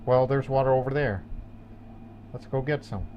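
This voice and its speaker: A man's voice: mid-range voice, moderate pace, lo-fi sound. Rambling, jokey male gamer. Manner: rambling and jokey, with many restarts. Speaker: gaming channel host. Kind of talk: casual let's-play commentary.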